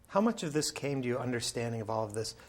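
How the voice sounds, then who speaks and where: An interviewer with a voice at a middle pitch asks the questions. The delivery is curious and prompting, drawing the guest out. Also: expressive, fast. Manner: curious, prompting, laughs along.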